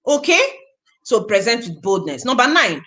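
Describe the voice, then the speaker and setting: Woman, network marketing trainer, high-pitched, very animated, emphatic, repeats herself for emphasis. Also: moderate pace. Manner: emphatic and repetitive, drills points home; acts out the prospect conversations in animated voices. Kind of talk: motivational training talk.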